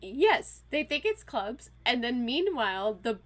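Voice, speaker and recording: A woman in her thirties, a podcast guest, telling a weekend story in a casual, animated way, full of fillers and quoted voices. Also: fairly high pitch, unhurried. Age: 30s.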